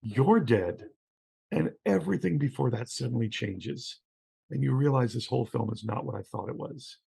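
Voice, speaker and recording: A man's voice: medium pitch, animated, brisk, vocal fry, dark tone, husky. A middle-aged man, a guest who studies horror, telling film stories in conversation and acting out quoted lines with lots of restarts. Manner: acts out scenes with quoted voices, frequent restarts. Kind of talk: animated storytelling in conversation.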